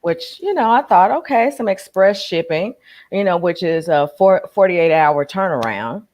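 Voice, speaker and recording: A woman co-hosting a casual live stream, relaxed and slangy with plenty of fillers. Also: lowish voice, normal speed. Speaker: co-host.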